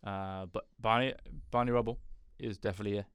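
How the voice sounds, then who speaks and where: A man's voice: on the low side, fairly even intonation, quick pace, a bit bright, clear, resonant tone, no echo, studio quality. A man co-hosting a podcast in casual chat, laid-back and wry. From Britain. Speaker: podcast co-host.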